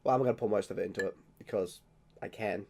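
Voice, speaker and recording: An Australian man talking casually in a beer-tasting vlog, rambling, jokey and quick to mock himself. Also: on the low side, darkish tone, a little hiss or hum. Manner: rambling, jokey and self-mocking. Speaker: vlogger.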